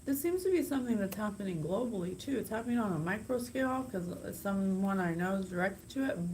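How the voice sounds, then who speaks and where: A woman hosting a psychic channel, talking casually and excitably straight to her viewers. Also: mid-range voice, a little hiss or hum, poor audio. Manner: chatty, bubbly, gushing and excitable. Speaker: psychic podcast host. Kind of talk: casual direct-to-camera talk.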